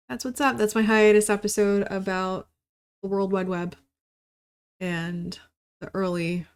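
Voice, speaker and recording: A woman in her thirties hosting a podcast, rambling casually in a solo monologue, swearing often and mock-ranting. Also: fairly low pitch. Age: 30s. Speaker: podcast host.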